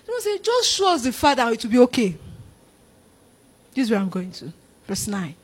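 High-voiced woman preaching. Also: normal speed, long pauses, breathy edge. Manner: animated, laughing often, acting out quoted disciples. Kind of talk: sermon.

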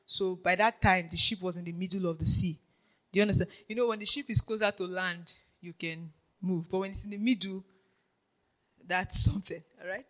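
A preacher giving a lively sermon, dropping to a hush and then rising to shouts, laughing often and checking in with the congregation. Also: mid-range voice, brisk, poor audio. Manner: animated, swings from hushed to shouting, laughs often; keeps checking in with the audience.

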